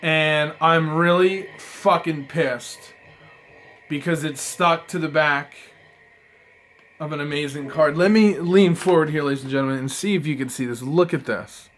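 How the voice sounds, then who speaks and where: Excitable, profane man reviewing cards. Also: on the high side, a little slow, a little hiss or hum. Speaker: trading card reviewer. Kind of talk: casual review vlog. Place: apartment room.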